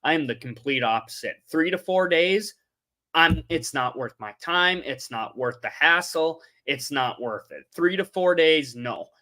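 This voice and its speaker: Young man, livestream host, casual rambling chat, bright forceful tone. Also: a little high, expressive, a little slow. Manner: rambling, loses his train of thought. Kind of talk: casual live-stream chat.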